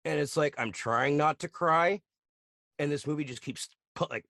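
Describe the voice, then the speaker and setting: Animated man recapping a show, dry close mic. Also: on the high side, no room sound. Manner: animated, acts out scenes in quick put-on voices, swears. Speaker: podcast co-host. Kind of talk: casual chat recapping a TV show.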